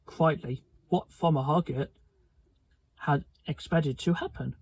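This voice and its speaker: A man reading a children's book aloud, slowly and carefully, stumbling over words now and then. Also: a little high, breathy edge, low-quality recording. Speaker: storybook reader.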